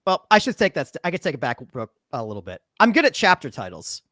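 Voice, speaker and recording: A man talking in a casual podcast chat about his writing, quick to laugh at himself. His voice is bright and jumps around in pitch. The sound is dry and close. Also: no room sound. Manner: animated, laughs often, self-deprecating. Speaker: author guest.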